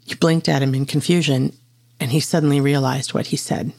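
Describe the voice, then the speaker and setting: A man telling a second-person horror story in a hushed, tense voice. His voice is husky and gravelly, with an even pitch. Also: normal speed. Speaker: narrator.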